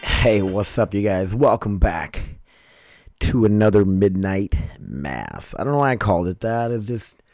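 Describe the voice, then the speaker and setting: Man, podcast host, scratchy strained throat, rambling and profane, low voice, dry close sound. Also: big pitch swings, unhurried, a little mellow, dry recording, soft background music. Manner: rambling, profane, self-interrupting. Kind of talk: casual late-night monologue.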